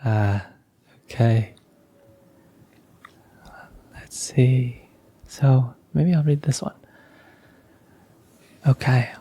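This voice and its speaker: Slow, gentle man hosting a podcast. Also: mid-range voice, slightly rough. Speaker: podcast host. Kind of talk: casual chat and reading from his book.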